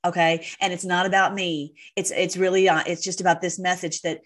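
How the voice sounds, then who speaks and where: A woman host talking casually to her viewers, rambling and emotional with deep thanks. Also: level tone, fairly quick. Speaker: online video host. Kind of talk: casual direct-to-camera talk.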